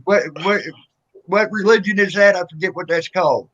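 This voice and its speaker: A man's voice: high-pitched, normal speed, a bit bright. Rambling hesitant man on a dull line. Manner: rambling, hesitant, many fillers. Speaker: panel member. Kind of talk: casual chat on a call-in panel.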